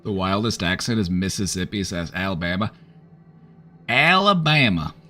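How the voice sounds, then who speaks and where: Low-voiced chatty man rambling. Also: moderate pace, fairly bright tone. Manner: rambling, chatty, lots of fillers. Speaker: streamer offering support. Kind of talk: casual live-stream chat.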